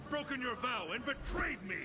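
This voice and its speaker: Raiden, a furious thunder god. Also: male voice, extremely high pitch, lively intonation, normal speed, very noisy. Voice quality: forceful, commanding delivery. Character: stern thunder god, male, commanding. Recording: game audio under loud music.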